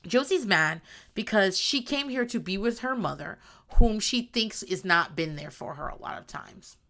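A woman recapping a reality show in casual chat, loud and animated, swearing freely, laughing often and acting out quotes. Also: mid-range voice, moderate pace.

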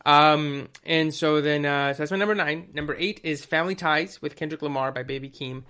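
A man's voice: fairly high pitch, a little fast, bright, forceful tone, clear, resonant tone. A man co-hosting a casual music chat, rambling with fillers and restarts, swearing and acting out quotes. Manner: rambling, profane, acts out quotes.

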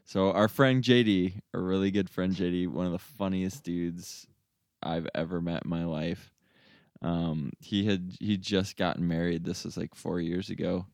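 Low-voiced man telling a story casually. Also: unhurried, gravelly, no echo, clean studio sound. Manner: animated storyteller, acts out friends' voices in high pitch. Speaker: storyteller in a chat. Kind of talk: casual chat.

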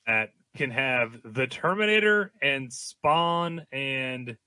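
A man's voice: medium pitch, animated, slow pace, bright, forceful tone, clear, resonant tone, no echo. A man co-hosting a casual wrestling podcast, easygoing and joking. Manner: easygoing, joking, laughs often. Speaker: podcast co-host.

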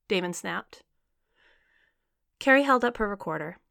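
A woman's voice: on the low side, animated, normal speed, creaky, long pauses, pushed and bright, dry recording. Woman reading a story in a dry room. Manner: reads the story evenly, voicing both characters' dialogue. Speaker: narrator. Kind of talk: scripted story narration.

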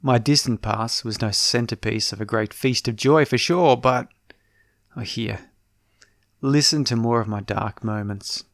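A man tells a first-person story in a casual, wry, self-deprecating way. His voice sits at a middle pitch and the recording is dry and close. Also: a little slow, fairly bright tone, no echo. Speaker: podcast storyteller.

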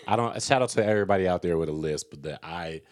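A man's voice: deep voice, fast. A man co-hosting a casual chat, joking and teasing with lots of profanity.

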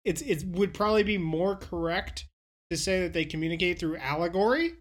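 A woman's voice: on the low side, lively intonation, a little fast. A woman in casual podcast chat, brashly recapping a TV episode with profane acted-out reactions.

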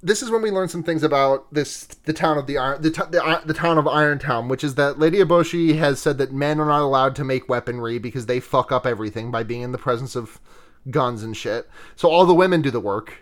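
A man's voice: medium pitch, fast. A man hosting a podcast, casually retelling a film's plot, profane and giggly, rambling with restarts. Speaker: podcast host.

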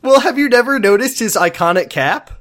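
A man's voice: very high-pitched, animated, fairly quick, fairly bright tone. A man co-hosting a podcast, recapping a show in casual chat with sarcastic jokes and frequent laughs. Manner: joking, sarcastic, laughs often. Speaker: podcast co-host.

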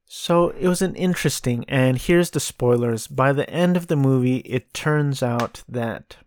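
A man's voice: mid-range voice, a little slow, a little mellow, no echo. A man hosting a podcast, casually reviewing a film with frequent ums and restarts. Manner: hesitant, many ums and restarts. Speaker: podcast host.

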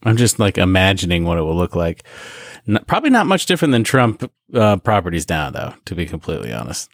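A man co-hosting a podcast in casual chat, emphatic and animated, with casual swearing. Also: low voice, quick pace, no echo, clean studio sound. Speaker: podcast co-host.

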